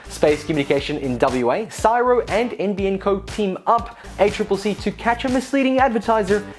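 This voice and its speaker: A woman hosts a scripted tech news rundown, her lowish voice swinging up and down in a lively way. She delivers the headlines with wry, sarcastic asides. Faint music plays behind her.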